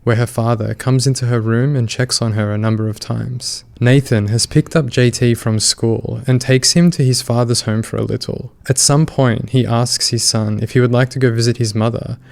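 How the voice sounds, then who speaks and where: A man reading a scripted true-crime narration in an even, measured way. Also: mid-range voice, gravelly.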